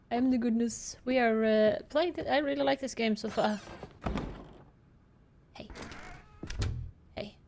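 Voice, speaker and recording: A woman's voice: high voice, a bit bright. A woman giving casual, playful commentary while she plays a game, reading the screen aloud and swearing now and then. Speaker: streamer playing a game.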